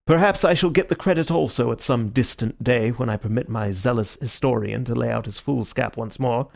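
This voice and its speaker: A man voicing a calm, theatrical gentleman detective with a measured, courteous manner, in an audiobook reading. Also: mid-range voice, vocal fry, natural voice.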